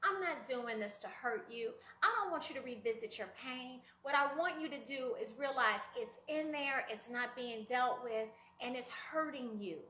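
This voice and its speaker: A woman's voice: sits high, moderate pace, hardly any pauses, sharp tone, roomy sound, slight background noise. A woman life coach giving a conversational motivational talk, addressing listeners directly and acting out quoted voices with big jumps.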